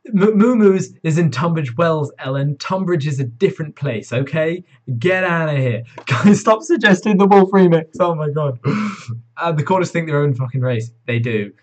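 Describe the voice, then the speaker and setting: A man's voice: a little high, expressive, normal speed. A teenage male live streamer from Wales, chatting casually and teasing his chat with lots of swearing. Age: teens.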